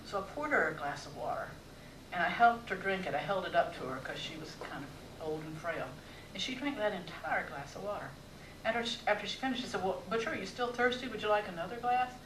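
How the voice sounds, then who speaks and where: A woman storyteller with a slightly low, bright and forceful voice recounts family tales with wry timing and dramatic pauses. She is heard from some distance on a theater stage, with roomy echo around her. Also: animated, slight background noise.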